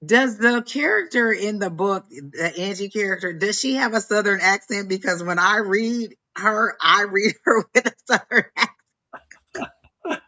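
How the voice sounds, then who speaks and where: Woman co-host, bright chatty delivery, says y'all, muffled remote audio. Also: medium pitch, unhurried. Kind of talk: casual chat.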